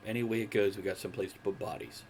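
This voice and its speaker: A man in his forties hosting a casual podcast chat from home, relaxed and talkative, cracking jokes as he goes. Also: fairly low pitch, racing, a little hiss or hum. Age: 40s. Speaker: podcast host.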